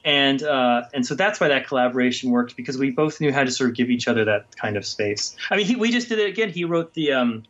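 Halting, rambling man on a lo-fi line. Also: mid-range voice, expressive, fairly bright tone. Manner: rambling, halting with many restarts. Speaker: guest comics writer. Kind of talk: casual interview chat. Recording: dull lo-fi sound.

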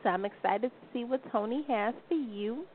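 A woman's voice: on the high side, moderate pace, over a noisy crowd. A woman co-host chatting casually and explaining the show's segment at length. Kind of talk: casual talk show chat. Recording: tinny phone line with faint noise.

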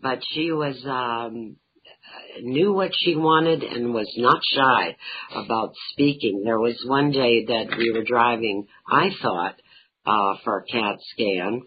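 A woman's voice: very deep voice, takes it slowly, phone-quality sound, slight background noise. A middle-aged woman, an author being interviewed, telling humorous family anecdotes. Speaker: author and talk show guest. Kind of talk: interview storytelling.

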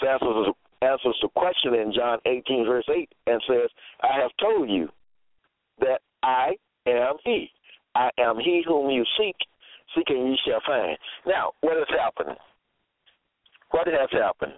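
A man teaching from scripture in a slow, deliberate way, reading out verse after verse and restating each one. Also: mid-range voice, no echo. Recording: tinny phone-line sound, dry.

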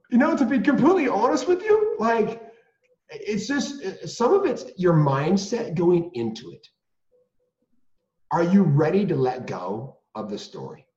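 Man telling his story in a roomy, lo-fi recording. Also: on the low side. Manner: earnest and animated, many restarts and rhetorical questions. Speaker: guest. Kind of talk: candid storytelling. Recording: roomy, dull lo-fi sound.

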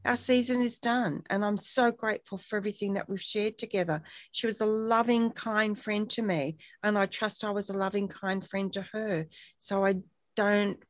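Appearing as a guest on a support talk show, a woman chats casually at normal speed in a steady, medium-pitched voice, recorded cleanly in a studio without echo. Her storytelling is warm and reflective, with personal anecdotes and acted-out quotes.

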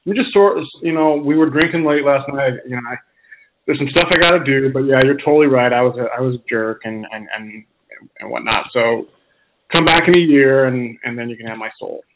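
A man's voice: medium pitch, fairly quick, lightly acted. A man voicing a stingy male drunkard trickster who talks in a coaxing, wheedling way, heard over a phone-like narrow line.

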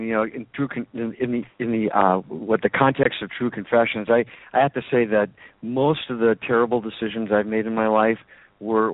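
A man with a somewhat low voice speaks as a financial consultant, hesitant and full of fillers. His voice comes through a dry, narrow, phone-like line. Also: no room sound. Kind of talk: casual panel talk.

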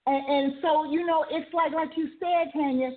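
A woman's voice: high-pitched, steady tone, moderate pace. A woman hosting a talk radio show, speaking earnestly and conversationally with frequent fillers. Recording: phone-like narrow sound.

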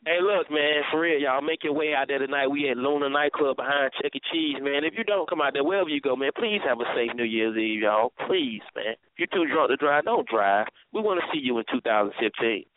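A man's voice: medium pitch, brisk, few pauses, no echo. A man hosting a casual radio show, joking loosely and hyping a party. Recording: tinny phone-like audio with faint music.

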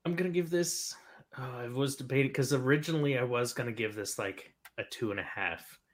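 A man co-hosting a movie review podcast, playfully defending his high rating and laughing as he talks. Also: brisk. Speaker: podcast co-host. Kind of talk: casual movie review banter.

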